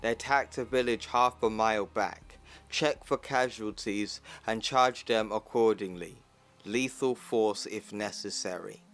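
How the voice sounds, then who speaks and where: Man doing a stern hulking soldier-scientist, commanding, unhurried, plain read. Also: fairly low pitch, a bit bright. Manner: read plainly like recap narration. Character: stern male scientist-soldier who becomes the Hulk.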